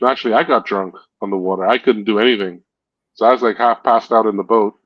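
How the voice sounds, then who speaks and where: Quick and steady, a lowish male voice rattles through a casual stream chat. The host tells drawn-out, rambling stories, corrects himself as he goes and laughs at his own jokes, all captured in a dry, dull, lo-fi recording.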